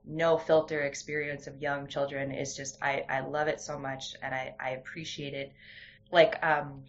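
A young woman talking candidly in a casual conversation, telling stories with frequent restarts. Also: sits low. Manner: candid, storytelling, many restarts. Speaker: guest. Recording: dull lo-fi sound.

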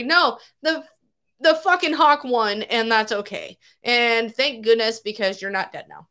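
A high-voiced woman co-hosting a loose, casual podcast. She tells stories with animated, swear-heavy energy and acts out the voices. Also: measured pace. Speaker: podcast co-host. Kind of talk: casual chat, animated storytelling.

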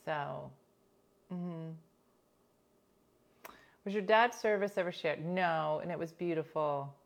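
A woman's voice: low-pitched, slow pace, gravelly. Chatty middle-aged Philly woman host. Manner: chatty, animated, peppered with "like" and laughs. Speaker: morning show host and comedian. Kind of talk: casual chat, storytelling.

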